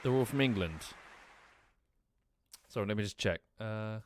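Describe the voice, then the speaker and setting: A man's voice: lowish voice, unhurried, a little hiss or hum. A man streaming a mystery game, casually thinking aloud, muttering and swearing now and then. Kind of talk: casual gameplay commentary.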